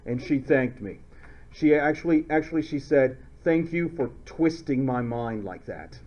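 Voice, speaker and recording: A male chemistry teacher lecturing a class in a playful way, now and then shouting silly memory phrases. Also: medium pitch, unhurried, slight background noise. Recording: dull lo-fi classroom recording.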